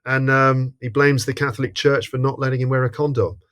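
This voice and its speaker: A man from England hosting a podcast, recounting film scenes in a relaxed, amused way. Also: medium pitch, a little fast. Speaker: podcast host. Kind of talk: casual film discussion.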